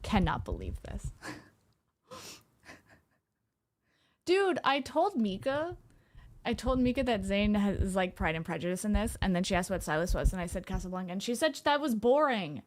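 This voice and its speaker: An excitable woman streamer, chatting casually from home as she reacts to a game. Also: medium pitch, normal speed, long pauses. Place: home room.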